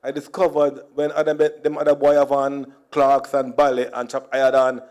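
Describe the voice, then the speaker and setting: A man's voice: medium pitch, monotone, normal speed, a little mellow, clear, resonant tone. A middle-aged Jamaican man with a Jamaican accent, giving a comic storytelling speech at a conference and slipping between Creole and standard English while chuckling at his own jokes. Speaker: conference speaker.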